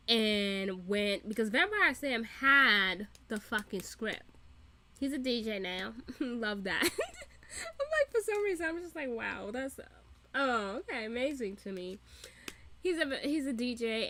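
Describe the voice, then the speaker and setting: Animated, cursing woman reacting to a show. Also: medium pitch. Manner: animated, profane, laughing often. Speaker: reaction video host. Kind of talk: casual reaction commentary.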